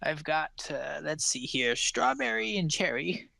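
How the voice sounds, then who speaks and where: Man doing old crone pie seller, tabletop game, shrill and sugary, dry sound. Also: sing-song, unhurried, vocal fry, sharp tone, dry recording, heavily acted. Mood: sweet. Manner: sugary, doting old-lady voice. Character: old female hag pie seller, sweetly sinister. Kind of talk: tabletop role-play.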